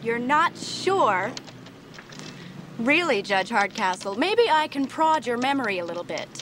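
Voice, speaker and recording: Sharp young law student, formal n pushy, kinda high voice. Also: female voice, very animated, a little slow, a little hiss or hum. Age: 20s. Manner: crisp, formal, probing. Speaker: law student taking a deposition.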